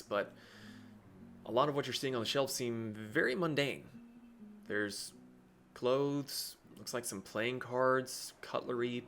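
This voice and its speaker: A man's voice: mid-range voice, a bit bright. A man narrating as game master of a tabletop game, with a rambling delivery full of fillers and restarts.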